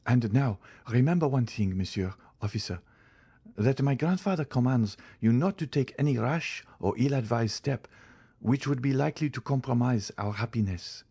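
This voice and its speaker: A man's voice: mid-range voice, moderate pace, dark tone, husky, pitched above the performer's own voice. A male narrator voicing an anxious, devoted young woman in a storybook reading, pleading and crying out for help. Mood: earnest. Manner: pleading, rising to frantic cries.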